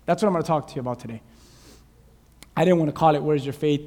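A man preaching a sermon as pastor to a church congregation on a clip-on mic, animated and dramatic, often quizzing the listeners. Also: on the high side, fast talker, pauses often. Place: church sanctuary. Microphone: clip-on lapel mic. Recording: reverberant church hall.

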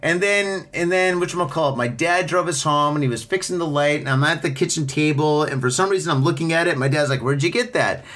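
Male podcast host, slightly high voice, crude, animated storyteller. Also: quick pace, few pauses. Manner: profane, animated storyteller who acts out voices. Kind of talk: casual chat.

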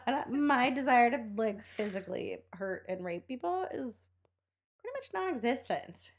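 A woman's voice: fairly high pitch, animated, moderate pace, gravelly. A woman co-hosting a podcast who chimes in with wry, joking remarks and laughs often. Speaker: podcast co-host. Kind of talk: casual podcast banter.

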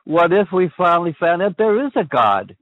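A man's voice: high-pitched, big pitch swings, moderate pace, no room sound. An older man hosting a call-in show, speaking ponderously and often restarting his phrases. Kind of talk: call-in radio chat. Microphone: phone. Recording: dry, phone-like line.

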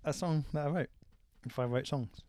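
A man's voice: on the high side, moderate pace, darkish tone, a little hiss or hum. A man co-hosting a podcast in casual chat, with a teasing, jokey and rambling way of talking. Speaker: podcast co-host.

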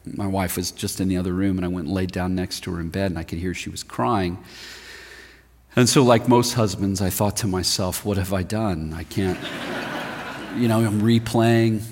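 A man preaching a sermon, telling stories with sudden swings from loud emphasis to a hushed, near-whispered voice. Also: low voice, fairly even intonation, moderate pace, slight background noise. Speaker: pastor. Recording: long reverb of a large hall.

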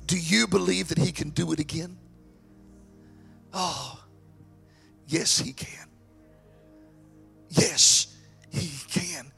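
A male pastor preaching a sermon, swinging from hushed, drawn-out lines to shouted climaxes. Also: on the high side, creaky, soft background music.

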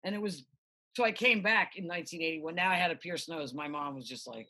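Bright, husky-voiced rambling American woman. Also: low voice, fast talker. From United States. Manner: rambling, profane, animated storytelling. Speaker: interview guest, musician. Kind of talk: casual interview chat.

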